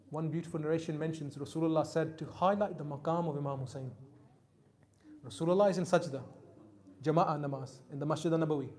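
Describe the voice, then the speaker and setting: A man preaching a Muharram sermon, telling stories with emphatic peaks that drop to soft, quiet lines. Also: a little high. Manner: storytelling, rising to emphatic peaks then dropping soft. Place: mosque hall.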